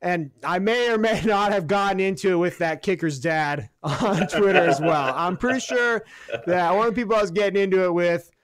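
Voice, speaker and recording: A man's voice: sits high, a little fast. A man co-hosting a sports podcast, ranting about his team with heated sarcasm and lots of swearing. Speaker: podcast co-host. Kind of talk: profane sports rant.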